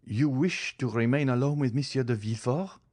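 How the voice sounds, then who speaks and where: A man's voice: medium pitch, brisk, darkish tone, pitched above the performer's own voice, lightly acted. A man voicing an anguished young man who pleads and swears vengeance in an impassioned voice. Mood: urgent pleading.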